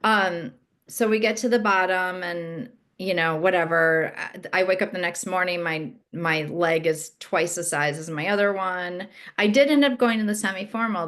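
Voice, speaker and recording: A middle-aged woman co-hosting a podcast, telling a personal story in casual chat and acting out what others said. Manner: animated storytelling, acts out quoted friends in a higher voice. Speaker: podcast co-host.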